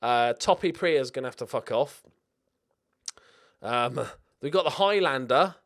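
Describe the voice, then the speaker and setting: Excitable, sweary man commentating a game. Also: medium pitch, measured pace. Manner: excitable, sweary, jokey self-talk. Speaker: video game streamer. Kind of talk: let's play commentary.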